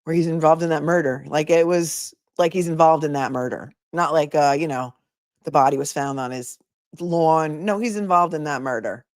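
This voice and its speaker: A woman attorney hosting a casual livestream, telling stories in a chatty, animated way and talking to her chat. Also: low voice, moderate pace, dry recording, clean studio sound. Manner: chatty, animated storytelling, reads chat aloud.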